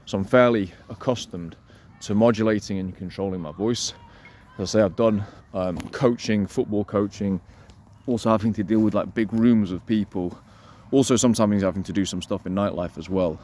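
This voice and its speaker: A man coaching listeners on voice and delivery, energetic and emphatic, repeating his key points and slowing down to demonstrate. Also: a little hiss or hum. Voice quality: resonant voice. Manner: deliberately slows and lowers voice to demonstrate. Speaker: dating coach. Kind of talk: instructional talk to camera.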